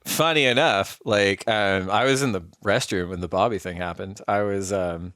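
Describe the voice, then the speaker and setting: Man, low voice, dry close sound, casual podcast storyteller who rambles with lots of "like". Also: moderate pace, fairly bright tone, no room sound. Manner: rambling, filler-heavy, frequent "like". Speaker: podcast co-host.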